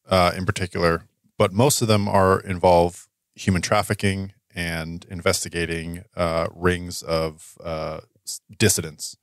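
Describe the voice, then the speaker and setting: A man with a very deep voice, describing his character in a tabletop game. He talks hesitantly and fills his pauses. The recording is dry and close. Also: a bit bright, dry recording. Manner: hesitant, many fillers. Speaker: player.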